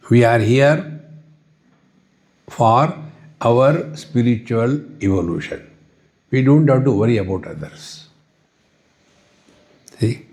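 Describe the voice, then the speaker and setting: A man with an Indian English accent giving a spiritual discourse at a retreat, unhurried, often asking "See?" and chanting Sanskrit verses. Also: medium pitch, a little mellow. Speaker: spiritual teacher. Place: retreat hall.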